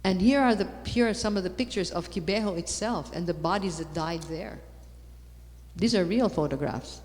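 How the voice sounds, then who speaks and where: Woman speaker, low-leaning voice, emphatic conference talk in a reverberant hall. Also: normal speed. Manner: lively, repeats for emphasis, rising to loud exclamations. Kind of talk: animated talk on faith.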